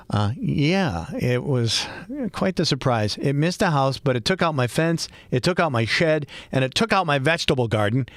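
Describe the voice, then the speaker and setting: A man's voice: mid-range voice, dry recording. A middle-aged man with a Boston accent, hosting a podcast and telling a personal story in a chatty, laughing way. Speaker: podcast host. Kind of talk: casual podcast monologue.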